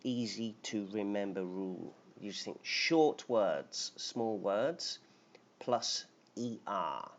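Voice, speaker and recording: Slow, low-voiced male teacher. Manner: patient, explains slowly, reads out chat names. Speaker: English teacher. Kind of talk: live-stream grammar lesson. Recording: dull lo-fi stream audio with faint noise.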